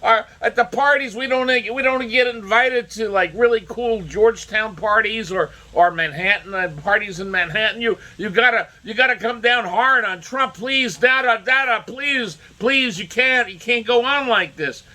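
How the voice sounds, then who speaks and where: A man putting on a spoiled rich kid begging their father, voice pitched far above normal. It whines and repeats itself in needy, stammering pleas. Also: normal speed, few pauses, bright, forceful tone. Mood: whiny pleading. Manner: pleading, whining, repetitive.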